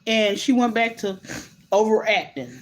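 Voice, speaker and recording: A woman hosting a casual commentary vlog, talking straight to her viewers in an animated, incredulous way, full of restarts and asides. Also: mid-range voice, normal speed, a little hiss or hum. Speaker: host.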